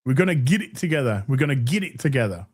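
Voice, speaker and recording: A man hosting a casual live stream, reading super chats and answering with profane, animated banter. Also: mid-range voice, quick pace, breathy edge. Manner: animated, profane, warm toward chat.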